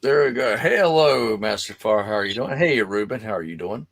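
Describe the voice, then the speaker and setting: A man hosting a relaxed online call with a gravelly, creaky voice. His pitch swings widely as he rambles and laughs along with his guests. He sounds like he is talking over a video call. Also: fairly quick. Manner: animated, laughs often, rambling. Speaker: host. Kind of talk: casual video-call chat.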